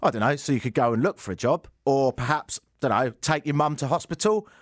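A man's voice: mid-range voice, animated, a little fast, no echo. A British man hosting a radio talk show, delivering a sarcastic, mock-outraged comedic monologue into a studio microphone. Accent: British English. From Britain.

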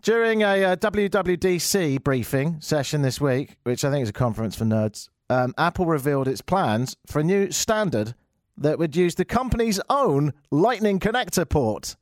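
A man's voice: fairly high pitch, sing-song, moderate pace, no room sound, studio quality. Sarcastic man ranting. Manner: sarcastic, mocking, jumps into silly put-on voices. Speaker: comedy show host. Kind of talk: comedic rant on tech news.

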